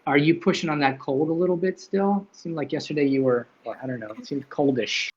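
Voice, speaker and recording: A man's voice: a little high, a little fast, a little mellow. Rambling man on dull lo-fi audio. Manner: rambling, swears casually. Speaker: livestream host. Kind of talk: casual livestream chat. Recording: dull lo-fi sound.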